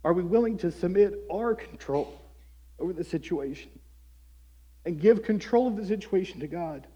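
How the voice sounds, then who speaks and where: Earnest pastor preaching, mellow husky voice. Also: male voice, sits high, animated, moderate pace. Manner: earnest, conversational preaching with rhetorical questions. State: voice breaking with emotion at times. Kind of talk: sermon.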